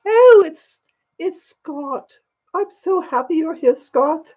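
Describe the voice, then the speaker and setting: A woman's voice: very high voice, lively intonation, slow, a little mellow, lo-fi sound, voice pushed up, exaggerated voice. An older woman livestream host putting on an upper-class English accent to play a gracious, gushing elderly queen who calls viewers darling. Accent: put-on upper-class English. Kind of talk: live chat in character, greeting viewers. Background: faint background music.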